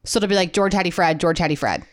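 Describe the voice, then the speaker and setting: A woman in her thirties with a Midwestern American accent, co-hosting a casual chat and telling animated stories with frequent laughs. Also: lowish voice, fast, no room sound, clean studio sound. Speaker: podcast co-host.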